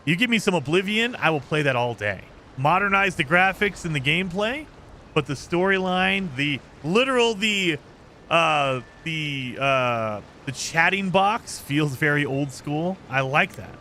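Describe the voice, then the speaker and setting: A man's voice: on the high side, animated, measured pace, pushed and bright, a little hiss or hum. A man streaming a game, chatting casually and rambling about his impressions. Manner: chatty, rambling, laughs often. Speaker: gaming streamer. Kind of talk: casual let's-play commentary.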